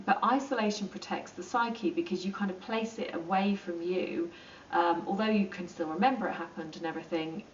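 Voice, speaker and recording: A woman's voice: on the low side, a little hiss or hum. Chatty woman teaching in an echoey room. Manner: chatty, with many ums and quick acted-out asides. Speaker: psychology teacher. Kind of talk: informal lesson explaining to camera. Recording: roomy, distant and dull.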